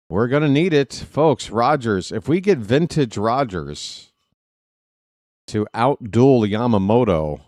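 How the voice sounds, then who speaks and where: A man calling live baseball play-by-play for fans, excitable and jokey, talking straight to his listeners. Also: medium pitch, no echo, studio quality. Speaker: fan play-by-play commentator.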